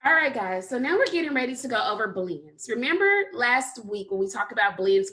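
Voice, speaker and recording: A woman teaching a kindergarten phonics lesson online, upbeat and deliberate, drawing out letter sounds for children to repeat. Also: a little high, bright, forceful tone, poor audio.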